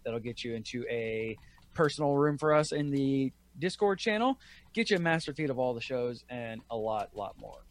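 A man's voice: medium pitch, animated, normal speed. A man hosting a casual group podcast, rambling through plugs and chat and swearing freely. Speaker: podcast host.

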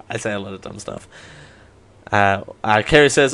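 A man's voice: fairly low pitch, very slow, long pauses, fairly bright tone. A man hosting a live question show, rambling and self-mocking, laughing at his own jokes. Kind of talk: live stream Q&A.

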